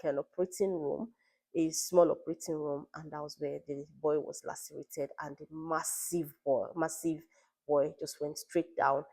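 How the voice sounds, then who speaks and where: Woman, 30s, low pitch; chatty personal vlog storyteller. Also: a little mellow. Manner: conversational, retells dialogue, many fillers. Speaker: parent vlogger.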